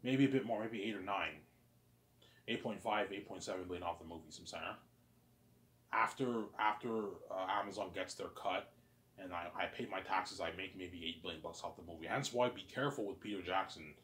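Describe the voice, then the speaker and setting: A man's voice: deep voice, fairly quick, a bit bright. A man in a casual monologue who rambles and uses lots of "like" and "man" and some swearing. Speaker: channel host.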